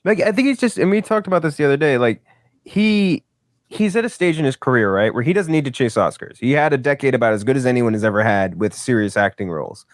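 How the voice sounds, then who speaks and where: A man's voice: mid-range voice, expressive, fast talker, no echo, clean studio sound. A young man co-hosting a movie podcast, rambling and cursing in casual exasperated chat. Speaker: podcast co-host.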